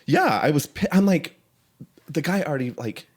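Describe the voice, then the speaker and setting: A man's voice: on the high side, animated, moderate pace, darkish tone, slightly rough. A man on a casual podcast, heatedly retelling a story with swearing, saying he is still shaky. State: shaky, worked up. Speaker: podcast co-host.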